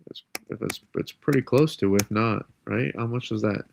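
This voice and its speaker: Low gravelly man talking weather models. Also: moderate pace, darkish tone, slight background noise. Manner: rambling, self-correcting, casual. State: congested from a cold. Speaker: weather forecaster. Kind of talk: live-stream weather model breakdown.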